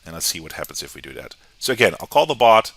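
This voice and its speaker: An American man giving a casual, conversational software tutorial, often checking in with "right?". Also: low-pitched, quick pace, noisy background. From United States. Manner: relaxed, conversational, often tags sentences with "right?". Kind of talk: screen-recorded software tutorial.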